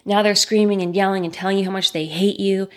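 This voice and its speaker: A woman's voice: medium pitch, steady tone, fast talker. A woman talking straight to the listener in an earnest, reassuring way, asking rhetorical questions as she explains. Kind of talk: direct-to-listener talk on trauma.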